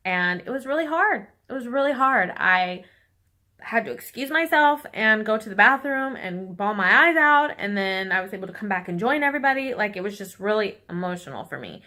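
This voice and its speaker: A young woman speaks straight to her viewers, candid and heartfelt. Her voice is bright and forward, sitting in an ordinary middle register. At times she sounds close to tears. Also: medium pitch, lively intonation, a little fast. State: tearful at times. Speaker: vlogger. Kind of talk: emotional personal vlog.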